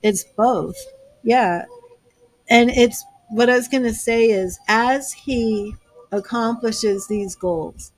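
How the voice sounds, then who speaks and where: A woman's voice: fairly high pitch, slow pace, dry recording. A woman giving a live tarot reading, talking earnestly and gushing with emotion, a little teary-eyed. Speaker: tarot reader.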